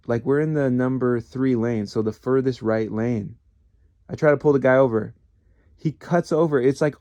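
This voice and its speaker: A dark-toned, mid-pitched voice, free of echo, belongs to an ex-police officer in his thirties. Chatting casually, he rambles through stories, cursing, self-deprecating, and restarting again and again.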